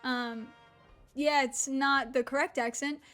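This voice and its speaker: Young woman, about 20, from Mississippi, high-pitched, odd relaxed-jaw accent, chatty rambling streamer. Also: takes it slowly, soft background music. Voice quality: unusual slack-jawed accent. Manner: rambling, swears, laughs often. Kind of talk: casual stream chat.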